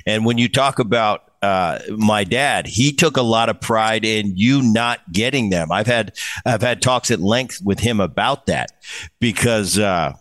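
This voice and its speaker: A man hosting a podcast, a former second baseman asking questions in relaxed conversation. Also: fairly low pitch, unhurried, no room sound. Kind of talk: casual interview chat.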